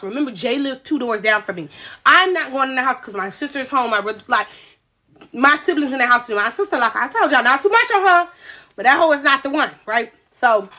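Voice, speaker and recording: A young woman with a high, bright voice tells a story on a phone livestream. She is animated and swears freely. She keeps turning to her viewers to pull them in. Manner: animated, profane, addresses viewers directly.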